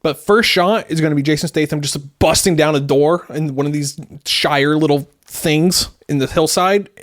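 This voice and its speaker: A man's voice: fairly high pitch, moderate pace. A man co-hosting a casual podcast chat, playful, laughing often and tossing in dry asides. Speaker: podcast co-host.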